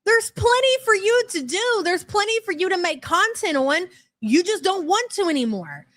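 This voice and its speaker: High-voiced woman mocking on stream. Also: big pitch swings, moderate pace, a bit bright. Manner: mocking, blunt, profane. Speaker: commentary channel host. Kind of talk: live stream reaction commentary.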